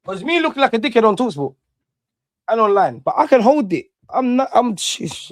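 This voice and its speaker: A man, hosting a casual livestream, talking in slangy, animated bursts that swing between loud and muttered. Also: extremely high pitch, normal speed, no echo, studio quality. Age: 30s. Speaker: livestream host.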